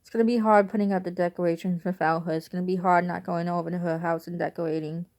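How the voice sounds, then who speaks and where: A woman's voice: fairly low pitch, steady tone, fast talker, darkish tone. A young adult woman vlogging, telling a casual, rambling story that turns wistful at times.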